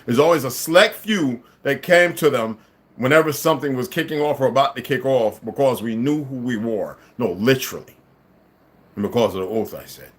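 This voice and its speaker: A male livestream commentator talks briskly through a combative monologue aimed at his viewers. His volume dips to low mutters and rises to emphatic outbursts, and he laughs occasionally and repeats words.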